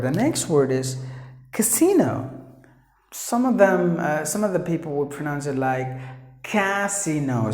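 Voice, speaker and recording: A woman's voice: deep voice, dark tone, echoey room. A woman teaching pronunciation, repeating words and explaining patiently with fillers. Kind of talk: pronunciation lesson.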